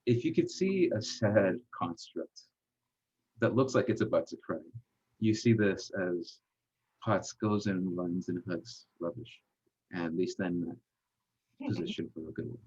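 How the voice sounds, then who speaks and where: A man narrating as game master of a tabletop game, halting, with frequent pauses and fillers. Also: low-pitched, lively intonation, darkish tone, slightly rough. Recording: dull lo-fi recording.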